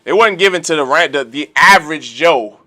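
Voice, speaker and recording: Man, religious class teacher, bright tense voice, somewhat high pitch, repeats himself, rhetorical questions. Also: lively intonation, brisk. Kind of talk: lecture-style sermon.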